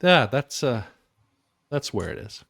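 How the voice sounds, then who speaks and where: A man's voice: medium pitch, big pitch swings, measured pace, vocal fry, a bit bright, dry recording, studio quality. A man narrating as game master of a tabletop game, loose and rambling, with many ums and restarts.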